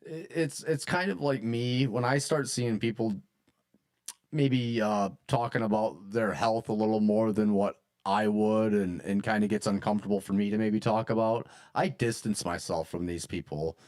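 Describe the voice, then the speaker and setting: Low-voiced man thanking his chat. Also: normal speed. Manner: thanks chatters, calm advice-giving tone. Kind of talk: casual livestream commentary.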